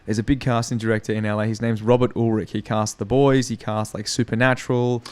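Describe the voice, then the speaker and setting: A man's voice: on the low side, fast. A young man from Australia with an Australian accent, a podcast guest chatting casually and swearing freely as he tells stories about acting. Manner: profane, animated storytelling. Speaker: podcast guest, actor and comedian.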